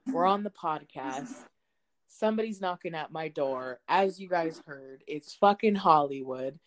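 A woman co-hosting a podcast from home, telling a story in casual chat, animated and profane, acting out the quotes. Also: fairly low pitch, a little hiss or hum, low-quality recording. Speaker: podcast co-host. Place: home, indoors.

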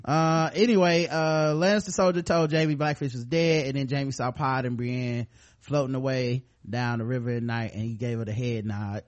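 A man's voice: medium pitch, steady tone, moderate pace. A man hosting a podcast, recapping a show in loose, profane, storytelling chat. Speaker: podcast host.

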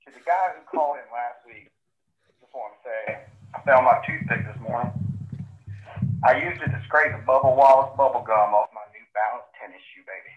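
A man's voice: mid-range voice, moderate pace, close to an everyday voice. A man with a thick Southern accent playing a rowdy voicemail caller nicknamed Motorboat, yelping and hard to make out. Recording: muffled voicemail playback.

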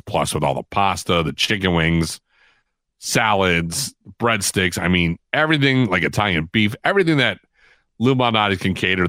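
A middle-aged man tells a story in a casual, animated way. He laughs as he talks and acts out the lines of the people in it. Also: deep voice, dry recording. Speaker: guest storyteller.

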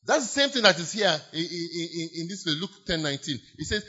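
A man's voice: sits high, lively intonation, brisk, hardly any pauses, sharp tone, husky. A man preaching a sermon as pastor, emphatic, repeating key phrases and stretching words for stress while leading the congregation in declarations. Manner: leads the congregation in call-and-response declarations. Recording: dull lo-fi church sermon recording.

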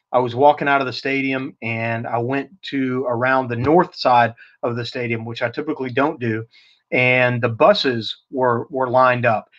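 A man co-hosting a sports podcast in casual chat, telling stories in an animated way and laughing as he goes. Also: medium pitch. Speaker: podcast co-host. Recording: lo-fi, slightly dull sound.

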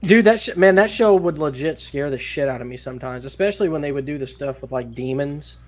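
Eager male podcast co-host, a bit higher voice, swears freely. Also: expressive, fast. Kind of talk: casual chat.

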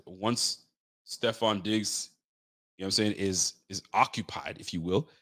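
Animated, slangy male sports podcaster. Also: on the low side, no echo, studio quality. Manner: animated, lively storytelling with mimicked quotes; loose street slang and swearing. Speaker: podcast host. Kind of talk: casual sports talk chat.

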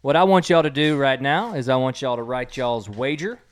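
A man's voice: mid-range voice, normal speed. Chuckling casual male quiz host. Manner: chuckles at his own jokes; loose and informal, with many fillers. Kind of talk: casual home quiz hosting and joke reading.

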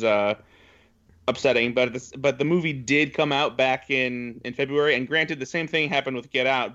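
A man on a film podcast panel, talking in a measured, explanatory way with some fillers. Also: medium pitch, a bit bright. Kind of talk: casual chat. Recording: dull lo-fi audio.

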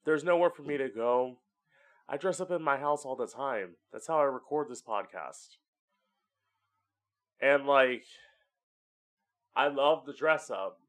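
A man with a mid-range voice talks a little slowly, leaving long pauses, in a casual solo podcast monologue he hosts from home. He's chatty and candid, swears freely, and acts out voices for effect.

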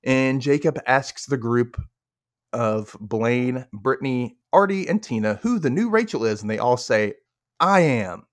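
A young Mississippi man hosts a podcast, recapping a show in easygoing chat, acting out the characters and laughing often with lots of animation. His mid-range voice moves at an unhurried pace, recorded with studio quality and no echo.

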